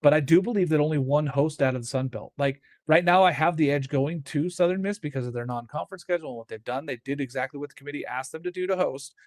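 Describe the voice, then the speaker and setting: This man talks college baseball on a podcast in a lively, animated way, and he often breaks into laughter as he acts out how people would react. His voice sits a little higher than most men's. The close, dry recording leaves no room sound around him. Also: fast talker, few pauses, no room sound. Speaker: co-host of a college baseball show. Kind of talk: casual sports chat.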